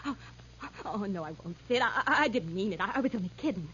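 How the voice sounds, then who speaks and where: A high, swooping voice of a brassy nightclub girl in an old radio drama. She talks coyly, then stammers breathlessly. The recording is dull and lo-fi. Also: very animated, normal speed, a bit bright, a little hiss or hum. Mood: pleading. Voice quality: breathless stammering when scared. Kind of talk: 1940s radio acting.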